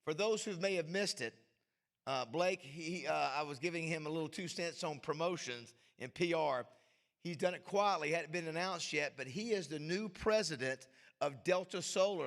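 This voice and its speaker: A man emceeing a club luncheon, with a gravelly, somewhat high voice. He pumps up the crowd with shout-outs and gets emotional along the way. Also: normal speed. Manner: hyped crowd-rousing, emotional asides. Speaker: host. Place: banquet hall.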